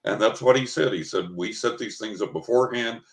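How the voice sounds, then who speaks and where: Speaking briskly in a lowish voice, an older psychic being interviewed relates a casual anecdote and performs the dialogue he quotes. The recording has a roomy echo.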